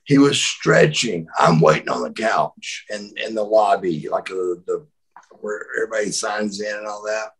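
A middle-aged man from the United States, a former wrestler telling animated stories as an interview guest, repeating words as he acts out quotes. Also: on the low side, moderate pace, breathy edge, rough recording. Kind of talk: storytelling in a shoot interview.

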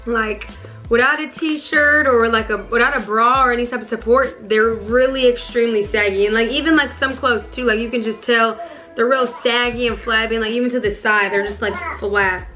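A woman's voice: fairly high pitch, steady tone, moderate pace, pushed and bright, faint music behind. A woman vlogging casually at home, chatty and rambling, full of fillers as she talks to her viewers. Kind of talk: casual vlog chat to viewers.

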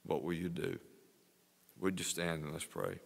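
A man's voice: deep voice, lively intonation, unhurried, gravelly. Pastor in his sixties preaching. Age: 60s. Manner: earnest preaching, swelling louder on exhortations. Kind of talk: sermon. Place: church sanctuary. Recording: long church reverb.

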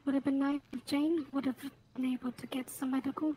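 A woman's voice: high voice, little pitch movement, a little fast, warm tone, slight background noise. A woman talking bluntly and sassily in character in a roleplay game. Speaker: fellow roleplay player.

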